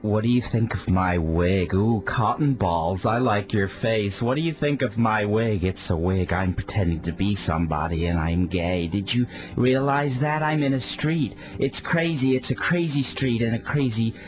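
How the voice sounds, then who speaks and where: A radio host putting on a dreamy, camp male rock star under hypnosis, drifting and whimsical, dropping low and slow. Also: faint music behind, close to an everyday voice. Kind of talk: comedy radio sketch.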